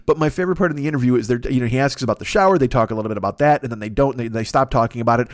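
A man's voice: medium pitch, rapid-fire, no room sound, clean studio sound. Profane, rambling man hosting a podcast. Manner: rambling, profane, excitable storytelling. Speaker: podcast host. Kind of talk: comedic monologue.

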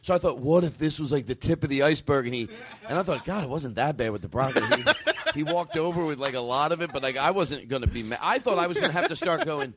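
A man hosting a comedy podcast, talking in an excitable, rambling way with frequent laughter. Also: on the high side, quick pace. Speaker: podcast host.

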